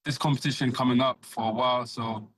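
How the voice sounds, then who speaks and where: Relaxed British boxer, short answers. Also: male voice, mid-range voice, quick pace, slight background noise. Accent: British English. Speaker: guest boxer. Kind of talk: remote radio interview.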